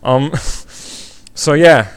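A man hosting a casual live stream who chats to viewers in an excitable, rambling way with mock suspense. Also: extremely slow, clear, resonant tone. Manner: excitable, rambling, jumps into high-pitched mock suspense and laughs often.

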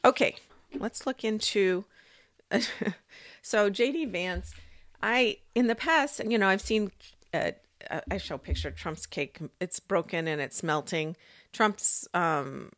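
A woman's voice: medium pitch, measured pace, a bit bright, no room sound, studio quality. A woman vlogger talking casually and thinking aloud, rambling with fillers and restarts. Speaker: psychic vlogger. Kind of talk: casual monologue.

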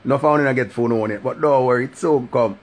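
A Jamaican man hosting his own live stream, ranting loosely in patois. His voice sits at a middling pitch and swings up into a sing-song refrain whenever he repeats his catchphrase. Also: fast talker. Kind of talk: casual live-stream rant.

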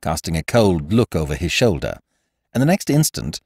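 A man and podcast host reading a classic comic story aloud in first person, with wry, expressive storytelling. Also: low voice, normal speed, husky, no echo, studio quality. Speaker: audiobook narrator and podcast host. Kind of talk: scripted storybook narration.

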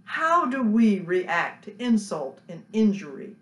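A woman delivers a sermon at an unhurried pace in a mid-range voice. Her phrases often sink to a quiet close. The church room around her rings with noticeable echo. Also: mid-range voice, very animated, muffled recording. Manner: slow, earnest preaching with soft, hushed endings. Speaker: preacher. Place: church sanctuary.

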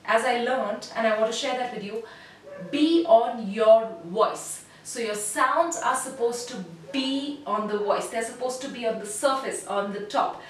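A woman giving an online voice lesson as a voice coach, speaking in a measured, instructive way and demonstrating sounds. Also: fairly high pitch, a bit bright. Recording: very echoey room, voice heard from a distance.

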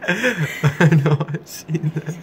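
A man filming his pet lizard on a phone, talking to it in a slow, easygoing, cooing way. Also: on the high side, fairly bright tone. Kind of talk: casual home video chat. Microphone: phone camera. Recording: noisy home phone recording.

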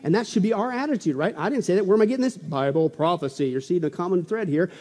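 A man with a very high-pitched voice preaches emphatically in a church, jumping between loud exclamations and hushed asides. His voice rings with long reverb through a large hall. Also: quick pace. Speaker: pastor. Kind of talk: sermon.

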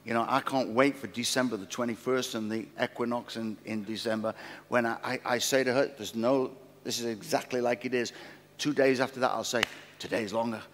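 A middle-aged man preaching a sermon as pastor, telling stories in an animated, repeating way with restarts. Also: mid-range voice, brisk. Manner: animated, repetitive storytelling with many restarts. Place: large former theatre used as a church. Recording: long reverb of a large hall.

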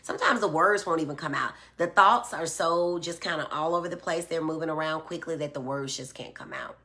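A middle-aged woman hosts a live stream on a phone or tablet, reading viewer comments aloud and answering them patiently with everyday examples. Her voice is low-pitched, fairly quick, pushed and bright.

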